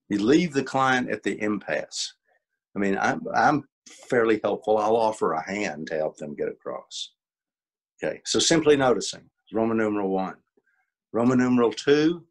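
Older guy coaching on a video call, low husky voice, folksy examples. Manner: folksy, explains with acted examples. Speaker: coach and workshop leader. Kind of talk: teaching a webinar.

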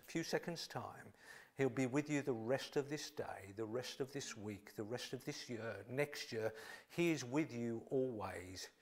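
A man delivers a church sermon in a slightly high voice. He sinks into soft, hushed near-whispers and then climbs into loud, excited, cheering exclamations, changing intensity freely as he preaches.

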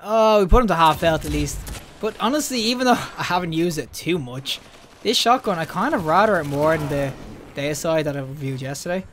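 A young man giving excitable live commentary over his own gameplay, yelping and laughing when things go wrong. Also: a little high, a little fast, a little hiss or hum. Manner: excitable, yelps and laughs at deaths. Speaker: gaming YouTuber.

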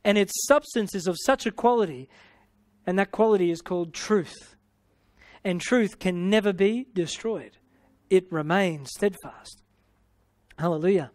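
Australian male preacher, high voice, exclamatory, close dry recording. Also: a little slow, pauses often, darkish tone, no echo. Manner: exclamatory, punctuating with hallelujah and amen; playful, paraphrasing scripture in everyday speech. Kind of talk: sermon teaching.

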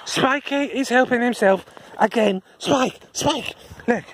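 A woman's voice: fairly high pitch, lively intonation, moderate pace, slight background noise. Sing-song woman cooing at dogs. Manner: coos and chuckles at dogs in sing-song baby talk. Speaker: dog walker. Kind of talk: chatty video diary talking to dogs. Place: outdoors on a dog walk.

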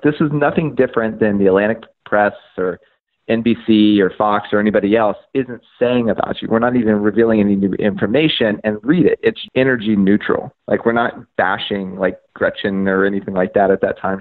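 A man telling his story as a podcast guest, animated, acting out conversations and using lots of "like" and "um". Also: on the low side, a little fast, narrow, tinny audio. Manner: frequent fillers like "like" and "um". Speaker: podcast guest, media outlet founder.

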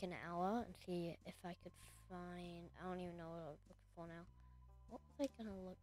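A woman streaming a video game, chatting casually and talking to the characters on screen with sudden excited exclamations. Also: medium pitch. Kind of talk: casual gameplay commentary.

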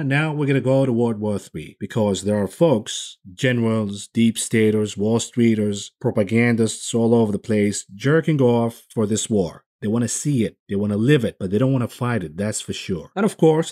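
A man's voice: medium pitch, a little mellow. A man hosting a finance show, delivering a combative, sarcastic market commentary monologue.

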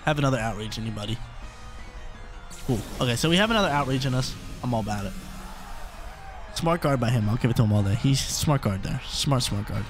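Excitable man commentating a game battle. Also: mid-range voice. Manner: excitable, chatty, thinks out loud. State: coughing, throat irritated. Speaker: gaming channel host.

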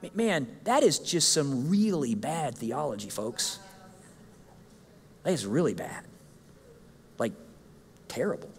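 A man with a high voice preaches with animated, joking energy and acts out the complaints of his congregation. His voice rings out with a long reverb across a church sanctuary. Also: slow pace, pauses often, slight background noise. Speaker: guest speaker. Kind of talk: sermon.

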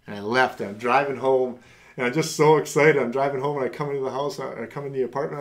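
A middle-aged man hosting a podcast, telling a personal faith testimony and acting out the voices of people in it. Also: fast talker. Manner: animated, acts out quoted voices with big pitch jumps. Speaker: podcast host.

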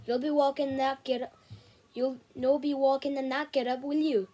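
A woman voicing a knowing old Scottish fisherman who teases in a slow, dry way. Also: sits high, little pitch movement, warm tone, lightly acted. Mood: teasing.

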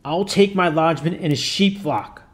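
A man's voice: fairly high pitch, unhurried, voice pushed up, close to an everyday voice. A man putting on a growling, defiant demon. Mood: defiant groaning. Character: raging demon possessing a boy.

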